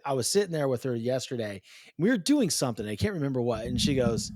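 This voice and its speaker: A man in his thirties hosts a podcast with an animated, chatty delivery, his voice at a middle pitch. The sound is dry and close, with no room around it. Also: a little fast, no room sound. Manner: animated, chatty, calls guest "dude". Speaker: podcast host. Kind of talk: casual conversation.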